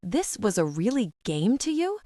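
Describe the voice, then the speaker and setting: Jason, a cocky young boyfriend who barks demands and then softens, voiced by a woman narrator. The pitch moves widely, and the recording is dry. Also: very animated, moderate pace, dry recording, close to an everyday voice. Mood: angry. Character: cocky young man, angry then sorry.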